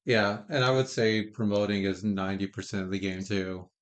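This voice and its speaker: A man's voice: lowish voice, level tone, moderate pace. A man hosting a casual podcast, eager and friendly as he asks his guest questions. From Alaska. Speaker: podcast host.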